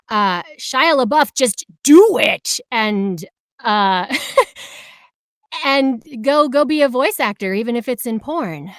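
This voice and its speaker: A woman voice actor telling her story in a casual interview, animated and acting out quoted voices with big jumps. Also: mid-range voice, no echo, studio quality.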